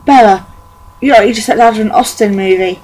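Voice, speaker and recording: A young woman voicing an excited, gushing middle-aged mother in a home-recorded audiobook reading. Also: medium pitch, quick pace, natural voice, poor audio. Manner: squealing, effusive. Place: home bedroom.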